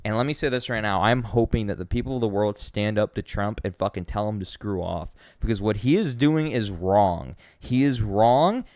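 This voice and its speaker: A man's voice: normal speed, few pauses, no echo. Ranting young American man streaming. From United States. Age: young adult. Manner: heated ranting with frequent swearing, swinging between loud outbursts and low mutters. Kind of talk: casual live-stream chat.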